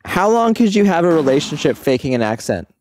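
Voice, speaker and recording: A man's voice: fairly high pitch, sing-song, fairly quick, a little mellow. A man co-hosting a let's play, cracking offhand jokes while he plays. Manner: joking, offhand. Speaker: co-host.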